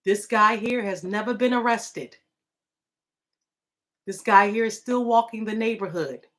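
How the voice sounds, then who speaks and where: A woman's voice: medium pitch, measured pace, a bit bright. A woman talking casually and emotionally in a live video, rambling and indignant as she defends her partner.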